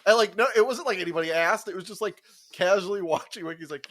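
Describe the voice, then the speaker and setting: This young man co-hosts a podcast, speaking quickly in a high-sitting voice. Chatting casually about work, he's a profane, lively storyteller who laughs a lot and performs the quotes.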